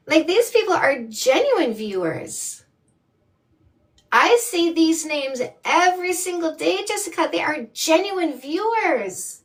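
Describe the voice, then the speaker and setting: A woman's voice: very high voice, sing-song, takes it slowly, distant mic. A woman from Canada hosting a live stream as a dating coach, reading viewer comments with blunt, sassy emphasis. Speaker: dating coach and livestream host.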